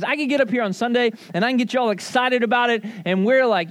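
A man preaching a casual sermon, talking to a congregation in a loose, animated way full of asides and questions. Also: very high-pitched, fast, hardly any pauses. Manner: conversational, animated, lots of "like" and "right?". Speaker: pastor. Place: church service.

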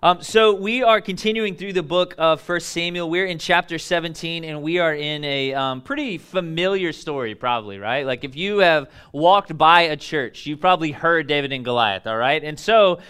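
A young male pastor with a high, bright voice rambles cheerfully through a sermon, dropping jokes and side stories. His tone is clean and smooth, with plenty of "like" and "um" along the way. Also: normal speed, hardly any pauses. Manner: jokey, rambling, full of fillers and asides. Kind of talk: casual conversational sermon.

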